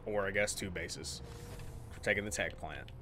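A man's voice: low voice, normal speed, background noise. A man giving casual, joking commentary over his own game footage. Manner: chatty, joking, loud outbursts. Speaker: gaming YouTuber.

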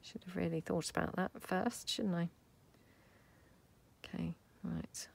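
Woman doing a craft video at home, casual and rambly, a bit of vocal fry. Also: lowish voice, moderate pace. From United Kingdom. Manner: chatty, thinking aloud while working, soft asides. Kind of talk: casual crafting tutorial talk.

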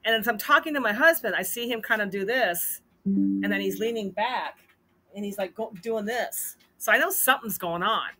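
A woman hosting a casual storytelling vlog, animated and acting out the dialogue in her story. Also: mid-range voice, normal speed, faint music behind. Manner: animated, acts out quoted dialogue. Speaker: host.

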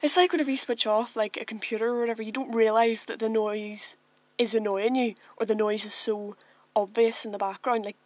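A Northern Irish woman co-hosting a casual podcast, her voice a little high and recorded close and dry. She rambles along easily, filling her talk with "like". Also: fairly quick, dry recording. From Northern Ireland. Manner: relaxed, rambling, heavy use of "like". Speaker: podcast co-host. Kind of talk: casual chat.

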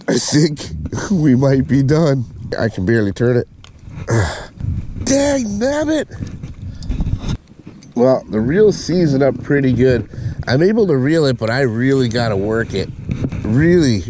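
A man giving casual fishing commentary from a boat on a lake, excitable and whooping when a fish bites. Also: on the low side. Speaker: fishing vlogger. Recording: noisy outdoor lake ambience.

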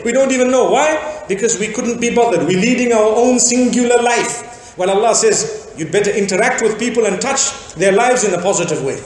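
Male preacher, 40s, from Zimbabwe; lively storytelling lecture, high pitch, heavy hall echo. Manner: animated storytelling with rhetorical questions. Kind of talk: sermon lecture.

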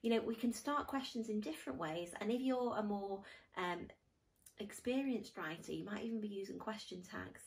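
A woman's voice: medium pitch, normal speed, recorded from a distance, low-quality recording. A woman teaching a grammar lesson to pupils, patiently explaining step by step with examples.

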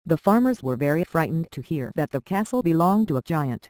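A narrator reading a children's storybook aloud in a steady, even manner. The voice sits at a middle pitch, and the recording is dry and close with no room sound. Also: brisk, hardly any pauses, no room sound, poor audio.

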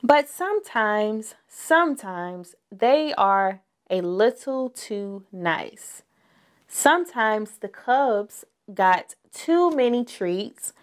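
A woman reading a picture book aloud to young children, stopping to ask them questions. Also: medium pitch. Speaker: children's storyteller.

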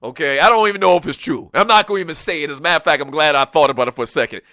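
A man hosting a casual sports talk show, spinning long, animated stories with plenty of asides. His voice is high for a man and forward. The sound is dry and close. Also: very fast, dry recording. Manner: rambling, animated storytelling.

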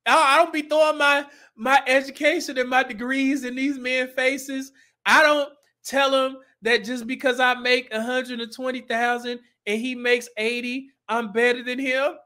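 High, bright-voiced man hosting a livestream. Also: flat delivery, moderate pace. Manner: blunt, preachy, laughs often. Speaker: livestream host. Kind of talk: livestream commentary on clips.

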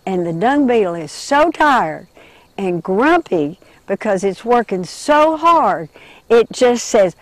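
A woman leading children through an interactive insect story, telling them how to move and what to say, slowing and hushing for the gentle parts. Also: medium pitch, no room sound. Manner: animated, slows and drops to a hush for gentle moments.

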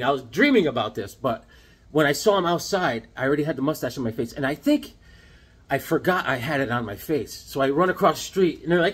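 Animated husky-voiced man telling stories. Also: a little high. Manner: animated, acts out voices of people in his stories. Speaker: comic book vlogger. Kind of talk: casual rambling storytelling.

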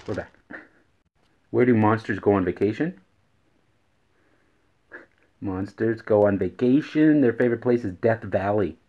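A man with a fairly low, slightly mellow voice hosts a daily joke vlog, repeating every riddle and laughing at his own punchlines. The recording sounds dull and lo-fi.

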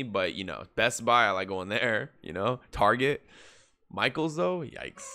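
Bright-voiced man reacting casually to anime. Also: medium pitch. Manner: loose, profane, slangy chatter with sudden excited jumps. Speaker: anime reaction channel host.

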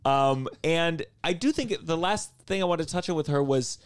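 A man in his thirties hosting a podcast, telling stories in a casual, animated way and acting out quotes. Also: fairly high pitch, moderate pace, clear, resonant tone. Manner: animated storyteller, acts out quotes with swearing. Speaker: podcast host, comedian.

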